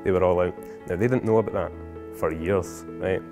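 A man telling a family anecdote in a lively, animated, chuckling way. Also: sits low, fairly quick. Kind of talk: casual storytelling. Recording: music behind.

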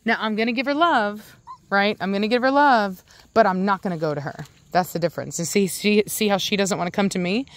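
A woman's voice: medium pitch, brisk. A young adult woman hosting a casual vlog, talking in a rambling way with many restarts and stopping to coo at her dogs. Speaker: dog breeder and channel host.

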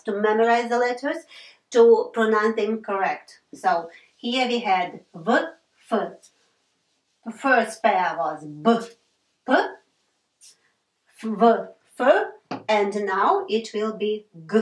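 Woman teacher, very slow and deliberate, spelling out letter sounds, recorded from a distance in an echoey room. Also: fairly high pitch. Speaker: language teacher. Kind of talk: slow classroom pronunciation lesson.

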